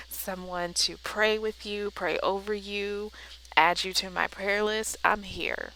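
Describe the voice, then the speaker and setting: A woman's voice: lowish voice, bright, forceful tone, slight background noise, low-quality recording. A woman vlogging about Bible journaling, talking in an earnest, encouraging, faith-filled way. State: tearful. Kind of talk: heartfelt casual vlog talk.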